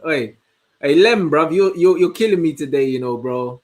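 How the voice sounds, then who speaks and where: A young man, hosting a casual livestream and chatting in an animated, slangy way as he answers comments. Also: on the high side. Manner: slangy, animated, answers chat with quick asides. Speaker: host.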